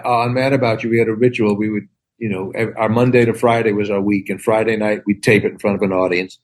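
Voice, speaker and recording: A man in his sixties, a comedian and actor, telling casual stories on a podcast and acting out the lines he quotes. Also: quick pace. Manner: animated storyteller who acts out quotes with big pitch jumps.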